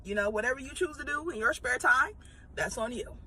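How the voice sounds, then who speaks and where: A woman's voice: high-pitched, brisk, background noise. A woman, a former retail manager, telling a casual storytime with profanity and rambling asides.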